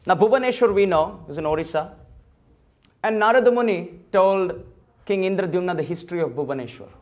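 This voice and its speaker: A man's voice: sits high, brisk. A man giving a temple sermon, telling a sacred story and acting out the dialogue of its figures. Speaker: temple speaker. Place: temple hall.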